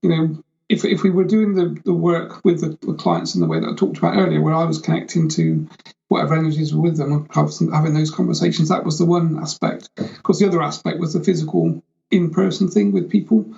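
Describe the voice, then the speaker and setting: A man's voice sits a bit high yet very gravelly, with a dark, mellow tone. He explains things step by step as an interview guest. The audio is dull and lo-fi, like a remote connection. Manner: measured, explanatory, hedging phrases. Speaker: guest, psychic surgeon. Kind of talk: interview answers.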